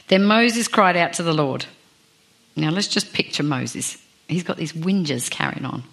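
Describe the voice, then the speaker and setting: A woman preaches a sermon in a slightly low voice. She talks in a chatty, self-deprecating way and keeps asking the congregation questions. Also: expressive, moderate pace, fairly bright tone. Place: church.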